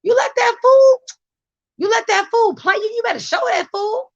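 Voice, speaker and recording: A woman voicing a scheming older grandmother who eggs her grandson on, in a high, pushy voice. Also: moderate pace, no echo, muffled recording. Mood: goading. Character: shrill scheming old grandma egging on violence.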